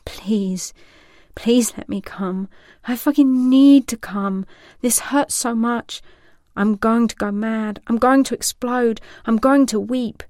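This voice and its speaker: A man at the end of his tether, begging over and over, as a woman narrator puts him on. The pleas climb higher and louder than her reading voice and slip into breathy whispers. The recording is dry and close. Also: takes it slowly, no room sound. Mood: desperate. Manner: pleading, breathless, strained. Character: desperate restrained man begging for release.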